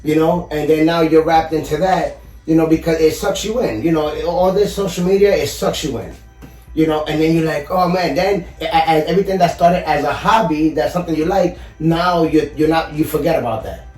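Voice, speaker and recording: A man's voice: fairly high pitch, brisk, a little mellow. A man guest on a podcast, earnestly telling a personal story in casual chat, often saying "you know". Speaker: podcast guest, collector and YouTuber. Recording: echoey room, far from the mic, faint music.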